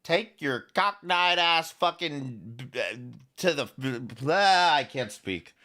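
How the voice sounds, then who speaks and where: A man hosts a reaction commentary in a bright, sharp voice that sits a little high. His pitch swings widely as he cuts in with incredulous, sarcastic, profane remarks. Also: lively intonation, takes it slowly. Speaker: commentary host.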